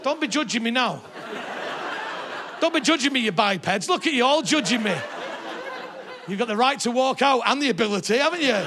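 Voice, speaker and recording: High, lively comic on stage. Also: male voice, a little fast, pauses often, a crowd in the background, background noise. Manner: sweary, animated, mocking. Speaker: stand-up comedian. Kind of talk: live stand-up comedy. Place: theatre stage before a live audience.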